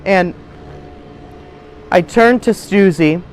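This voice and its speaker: A man's voice: high-pitched, drawn-out words, slight background noise. A man telling crude, rambling, indignant stories in an improvised mock band interview. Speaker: comedy troupe performer.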